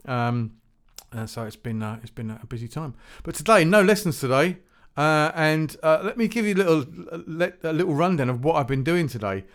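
A man's voice: fairly high pitch, lively intonation, brisk, hardly any pauses, fairly bright tone. A man hosting his own music podcast, chatting casually and rambling with fillers and restarts. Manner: rambling, self-deprecating, many fillers and restarts. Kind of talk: casual solo podcast chat.

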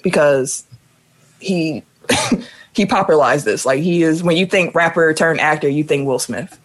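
Animated woman ranking favorites in chat. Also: deep voice, measured pace. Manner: animated, emphatic, repeats herself. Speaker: podcast co-host. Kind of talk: casual chat.

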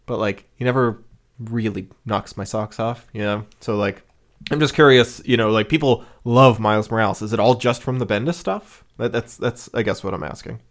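A man's voice: lowish voice, moderate pace. A man co-hosting a podcast, chatting casually, rambling with lots of fillers and laughing often. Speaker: podcast co-host.

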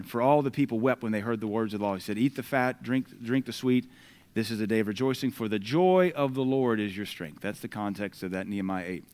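A man with an American accent preaching a sermon, reading scripture aloud with loud emphatic bursts and dropping into conversational asides between the verses. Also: on the low side.

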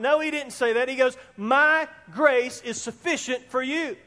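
A man preaching a sermon as pastor of a church, speaking emphatically and rising at times almost to a shout. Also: very high voice, normal speed, few pauses. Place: church sanctuary. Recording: long reverb in a hall.

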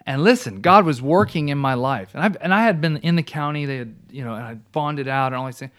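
A man telling his personal testimony in a casual talk, an animated storyteller who restarts often and laughs along the way. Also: fairly high pitch, fast.

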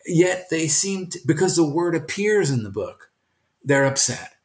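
An older retired teacher from Brooklyn, answering interview questions in an earnest, emphatic way. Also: male voice, on the high side, a little slow. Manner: earnest, emphatic, animated storytelling. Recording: echoey room.

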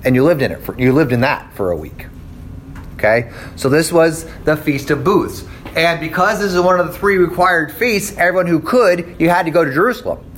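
A man's voice: a little high, expressive, brisk, a bit bright, slight background noise. Man teaching a casual Bible lesson. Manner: conversational, checks in with "okay?" and "right?". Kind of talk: casual classroom lecture.

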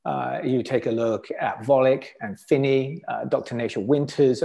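A man's voice: mid-range voice, creaky, darkish tone. A middle-aged man from the United Kingdom, a podcast guest, telling his story casually and animatedly, with many fillers and acted-out quotes.

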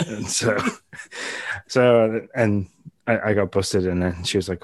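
Low-voiced man in a dry, close recording. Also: steady tone, slow, long pauses, dry recording. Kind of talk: casual chat.

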